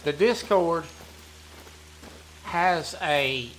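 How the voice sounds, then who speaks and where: A man, chatting casually while playing a hunting game, rambling and often clearing his throat. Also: a little high, animated, drawn-out words, a bit bright, slight background noise. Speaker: gaming streamer running a members' community.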